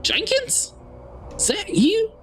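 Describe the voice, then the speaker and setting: Paranoid, shrill man hiding in a locomotive, put on by a male game streamer. Swooping, accusing delivery. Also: very animated, slow pace, fairly bright tone, a little hiss or hum, heavily acted. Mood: startled.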